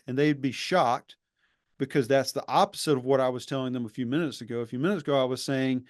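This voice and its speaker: A man's voice: mid-range voice, fairly even intonation, fast, a little mellow, no room sound, studio quality. A man who was once a professor, hosting a podcast and talking earnestly and emphatically, rambling with restarts. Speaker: podcast host; former professor. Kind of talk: reflective conversational interview.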